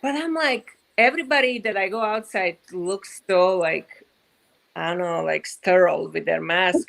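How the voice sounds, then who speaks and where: Relaxed woman guest on a video call. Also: on the low side, normal speed, gravelly, low-quality recording. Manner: relaxed, many fillers like "like" and "you know". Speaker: fashion designer guest. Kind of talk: casual interview over video call. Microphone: video call mic.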